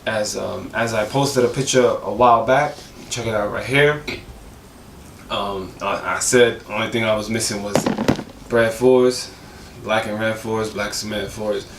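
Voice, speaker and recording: A man with a hoarse, cracking voice, rambling eagerly and slangily through a casual sneaker review. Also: on the low side, a little slow, roomy sound, recorded from a distance, noisy background.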